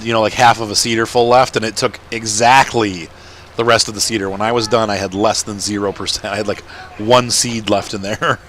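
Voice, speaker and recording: Rambling low-voiced man narrating gameplay. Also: fairly bright tone, slight background noise. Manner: rambling, chatty, laughs often. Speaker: let's-play gamer. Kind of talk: casual gameplay commentary.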